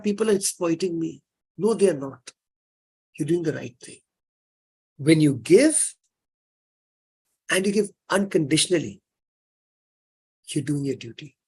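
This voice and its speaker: Indian guy lecturing on religion, husky voice, earnest and coaxing, drops hindi words in. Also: on the high side. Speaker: lecturer on Jain practice.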